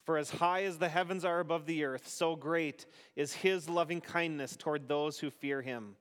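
A man leading a service as pastor, reading scripture aloud to a congregation in an unhurried way. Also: fairly high pitch, fairly even intonation, fairly bright tone, clean tone. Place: church sanctuary. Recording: long reverb of a church hall.

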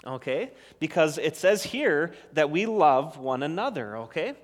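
A man leading a children's sermon as a pastor, gentle and encouraging, often restarting his sentences. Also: a little high, big pitch swings, a little slow, in a large hall. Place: church sanctuary.

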